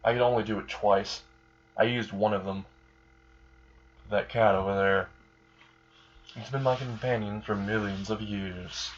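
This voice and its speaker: A man's voice: fairly low pitch, fairly even intonation, slight background noise, natural voice. A man telling of an ancient scheming Mad Hatter. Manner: casual, halting, says "you know". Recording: dull lo-fi recording.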